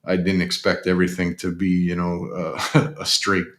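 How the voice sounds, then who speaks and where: A man co-hosting a casual sports podcast, talking in a relaxed way with frequent restarts. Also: low voice, normal speed. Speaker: podcast co-host.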